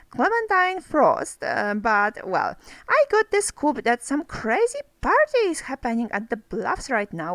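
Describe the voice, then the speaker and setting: Woman gamer, high bouncy voice, chatty play-by-play. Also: a bit bright, no echo, rough recording. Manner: chatty, talks to game characters, exclaims over cute moments. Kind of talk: casual gameplay commentary.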